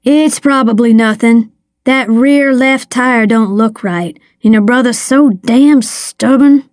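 A woman's voice: fairly high pitch, slow, darkish tone, dry recording, clean studio sound. A woman voicing a worried older race mechanic who grumbles and frets. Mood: fretful. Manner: fretful, grumbling.

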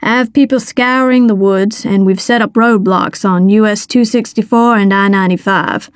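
A woman reading an audiobook, voicing a steady, businesslike male sheriff. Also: mid-range voice, moderate pace, no room sound, studio quality, close to an everyday voice. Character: male small-town sheriff, calm and commanding. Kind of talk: audiobook character voice.

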